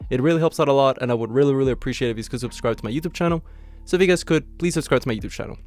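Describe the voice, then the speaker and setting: A man with a hoarse, raspy voice from being sick, hosting a casual, upbeat manga chapter review and peppering his talk with "you know.". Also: mid-range voice, very fast, darkish tone, faint music behind. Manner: upbeat and chatty, full of "you know" fillers and laughs. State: hoarse from illness. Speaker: anime channel host.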